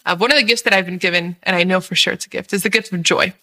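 A woman's voice: lowish voice, very fast, bright, forceful tone, rough recording. A woman with a bubbly, earnest way of talking, sharing a personal faith reflection to camera and laughing often.

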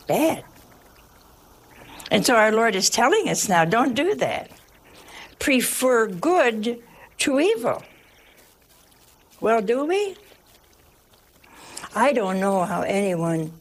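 Woman preacher, gravelly voice, emphatic and homespun, given to funny anecdotes and hushed asides. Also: mid-range voice. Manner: humorous storytelling. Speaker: religious teacher. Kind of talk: folksy sermon with anecdotes.

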